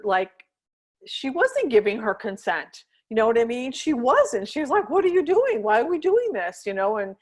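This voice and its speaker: A woman hosting a podcast as a dog trainer, talking in a casual, chatty way and often checking in with "right?" while she patiently walks through examples. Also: a little high. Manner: chatty, checks in often with "right?" and "you know what I mean?"; earnest, explains patiently with step-by-step examples.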